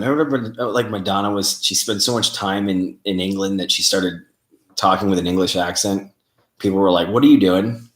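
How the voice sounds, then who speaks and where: A man hosting a casual livestream, rambling and laughing as he reads viewer comments. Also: on the low side. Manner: rambling, laughs often, many fillers. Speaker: paranormal show host. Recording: roomy echo.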